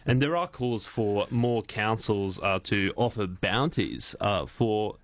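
Australian co-host reading news, low voice. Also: male voice, animated, slow pace, no room sound. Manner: stumbles and laughs while reading, easily distracted. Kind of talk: reading news with casual banter.

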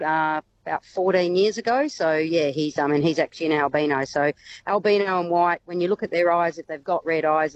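A woman's voice: sits low, lo-fi sound. A woman, a wildlife carer chatting casually as a radio guest, hesitant and full of ums. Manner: chatty, hesitant with many ums, laughs often.

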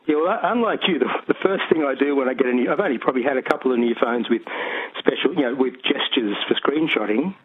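A man's voice: mid-range voice, quick pace, few pauses, husky. A man calling in to a radio show, rambling with many restarts. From Australia. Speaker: caller. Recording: phone line.

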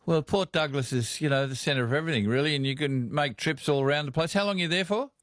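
An Australian man hosting a talkback radio show, chatting in a relaxed, folksy way with his callers. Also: fairly high pitch, quick pace, no room sound, studio quality. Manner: relaxed, laughs along, folksy. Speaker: radio host.

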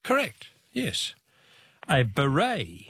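A man's voice: mid-range voice, huge pitch swings, slow, fairly bright tone, breathy edge, no echo, clean studio sound. A man hosting a talkback radio quiz, joking, punning and spelling out answers.

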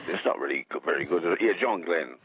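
A man's voice: very deep voice, lively intonation, fast, husky, no room sound. An Australian man calling in to a radio show, rambling and jokey, with many restarts. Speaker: caller. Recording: tinny phone line.

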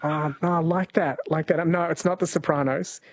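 A man's voice: on the high side, fairly even intonation, a little fast, dry recording. A man from New Zealand hosting a talkback radio show, chatting easily with callers and reading out listener texts. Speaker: radio host. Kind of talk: casual talkback radio chat.

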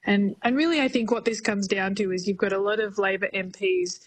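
Female Australian correspondent, level monotone delivery, thoughtful on-air analysis. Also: mid-range voice, a little fast, a little hiss or hum, low-quality recording. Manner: thoughtful, even, with fillers like "you know". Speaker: political correspondent. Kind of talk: radio news interview.

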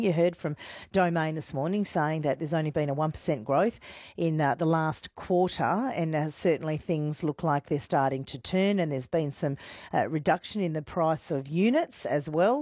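A woman's voice: fairly low pitch, darkish tone, husky, no echo. A woman with an Australian accent hosting a radio show, chatty and jokey, speaking into a studio mic. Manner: chatty, jokey, self-deprecating. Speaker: radio host. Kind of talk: casual radio talk.

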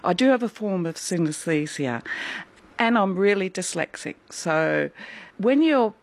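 Gravelly low-voiced middle-aged woman artist. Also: animated, measured pace. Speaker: artist, interview guest. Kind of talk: interview answers. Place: her art studio.

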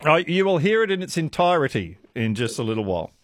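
A man's voice: fairly high pitch, sing-song, fast. A man hosting a radio quiz with callers, chatty and self-deprecating, laughing often. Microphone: studio microphone.

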